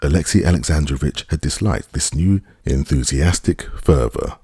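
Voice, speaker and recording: A man reading a classic novel aloud as an audiobook narrator, with measured, expressive delivery. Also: a bass voice, husky, no room sound, studio quality. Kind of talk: scripted narration.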